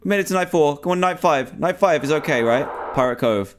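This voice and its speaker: A man's voice: fairly high pitch, lively intonation, fairly quick, few pauses, slight background noise. Panicky man playing a horror game. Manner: panicky, pleading, talking to himself, repeating lines. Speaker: gamer.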